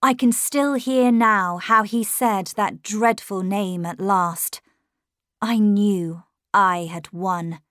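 A woman narrating a classic ghost story as an audiobook in the first person, with measured, expressive delivery on a close studio mic. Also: medium pitch, no echo. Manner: measured and expressive, dramatic at tense moments.

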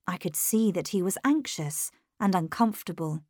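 A woman reading a first-person story aloud in a measured, clear way. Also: fairly low pitch, expressive, a little mellow, dry recording, clean studio sound. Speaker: narrator.

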